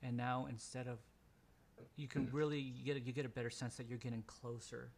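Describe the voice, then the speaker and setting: A man's voice: mid-range voice, level tone, a little fast, vocal fry, a little mellow. A man running a tabletop role-playing game as game master, narrating loosely with lots of "kinda" and "like".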